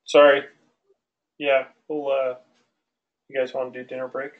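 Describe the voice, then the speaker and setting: A male aviation instructor lecturing an online class in a relaxed, loose way, with many fillers and restarts. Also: mid-range voice, a little slow, muffled recording. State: out of breath.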